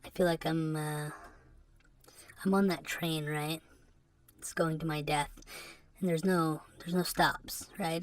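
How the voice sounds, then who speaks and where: A woman hosting a podcast into a microphone, talking in a halting, rambling confessional monologue that is broken by rueful laughs and sounds depressed. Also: low-pitched, fairly even intonation. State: depressed and subdued. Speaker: podcast host.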